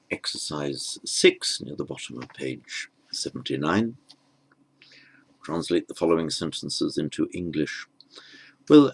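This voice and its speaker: A man giving a patient step-by-step language lesson, spelling out terms carefully with frequent ums and small restarts. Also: extremely low pitch. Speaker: Sanskrit teacher.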